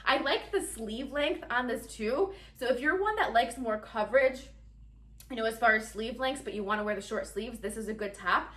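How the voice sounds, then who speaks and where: A woman's voice: fairly high pitch, normal speed, a bit bright, echoey room, recorded from a distance. A woman chatting casually and giggling through a try-on haul, talking straight to her viewers. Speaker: fashion vlogger.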